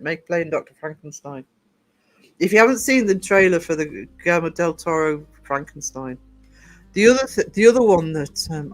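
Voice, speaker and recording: A man hosting a livestream, chatting casually and rambling with many hesitations as he answers live comments. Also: a little high. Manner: rambling, hesitant, full of ums. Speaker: livestream host.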